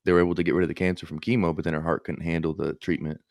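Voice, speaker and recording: A very low-pitched man chats as co-host of a podcast. He talks in a relaxed, offhand way and swears freely. His voice comes through dry and close to the mic. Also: very fast, no echo. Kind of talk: casual chat.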